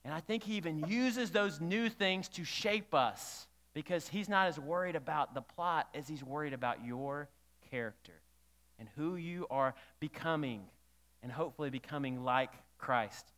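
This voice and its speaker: A man's voice: on the high side, normal speed, fairly bright tone. A man preaching a sermon as a pastor, talking conversationally and putting questions to the congregation. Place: church hall. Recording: reverberant church hall.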